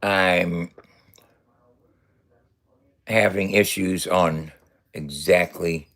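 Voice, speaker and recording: A man's voice: deep voice, fairly even intonation, very slow, fairly bright tone. A man in his fifties talking casually in a loose, profane, boastful way and laughing often. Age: 50s. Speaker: vlogger. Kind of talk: casual rambling vlog.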